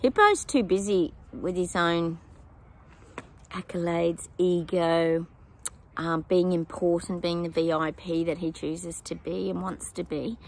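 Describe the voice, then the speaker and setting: A woman's voice: fairly low pitch, fairly even intonation, takes it slowly, creaky. A woman giving psychic predictions to her viewers in a casual, chatty way, with many ums and apologetic asides.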